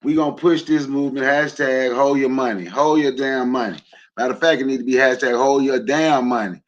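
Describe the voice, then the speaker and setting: A man of ordinary pitch talks loosely to his livestream chat, joking, asking questions and driving his point home with emphatic repeats. The sound is dull and lo-fi, like a home stream feed. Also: steady tone, a little fast. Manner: loose and conversational, jokes and asks the audience; emphatic, rallying. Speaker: livestream host. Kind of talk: casual livestream talk to a chat.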